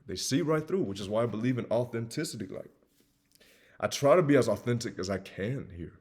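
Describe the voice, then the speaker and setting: Husky young man with faint Southern twang. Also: mid-range voice, animated, brisk. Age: 20s. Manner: emphatic, repetitive, swings from loud urging to quiet confession. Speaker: self-improvement video host. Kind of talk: earnest personal monologue.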